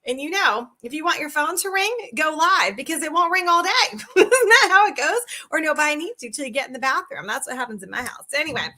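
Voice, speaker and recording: A woman's voice: high-pitched, lively intonation, a little fast, pushed and bright. A woman sales coach chatting bubbly and directly to viewers in a live video, talking into a phone. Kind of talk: live social media video talk.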